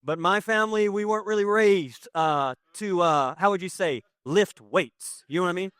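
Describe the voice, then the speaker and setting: Animated storytelling male pastor. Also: high-pitched, moderate pace, clear, resonant tone, no echo, clean studio sound. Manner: animated, conversational, self-deprecating humor. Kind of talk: sermon with personal storytelling.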